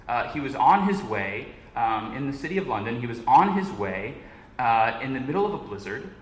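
A man's voice: medium pitch, a bit bright. A man giving a sermon as a guest preacher, telling a story in an earnest way. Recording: echoey room with faint noise.

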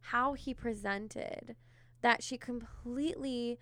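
A woman's voice: fairly high pitch, slow pace, fairly bright tone, no room sound. A woman therapist co-hosting a podcast, chatting casually and filling her talk with "like" and "you know.". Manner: conversational, many filler words.

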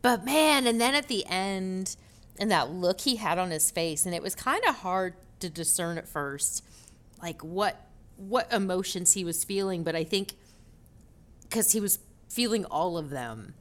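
A woman co-hosting a podcast in casual chat, giggly and animated, laughing often. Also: fairly low pitch, a little slow. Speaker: podcast co-host.

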